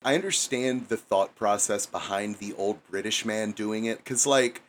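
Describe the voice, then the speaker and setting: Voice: medium pitch, moderate pace, a little hiss or hum. A podcast co-host in casual chat, making wry, joking asides.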